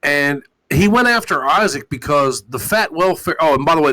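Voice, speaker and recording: A man's animated voice comes through a rough recording at normal speed. He's a talk show host on a call-in live stream, ranting in a loud, mocking and crude manner, swearing all the time, with wide swings in pitch.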